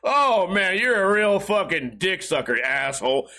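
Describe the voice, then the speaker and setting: A man's voice: sits high, big pitch swings, unhurried, pushed and bright, full character voice. A man voicing a rowdy, backslapping guy on a boat who greets a friend with crude, jovial insults.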